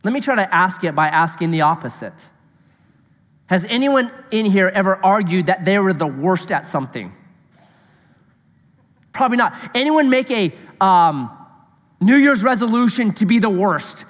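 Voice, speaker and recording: Pastor mid-sermon, man, very expressive pitch, asks the room question after question; large echoing sanctuary. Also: moderate pace, long pauses. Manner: animated, rhetorical questions to the congregation.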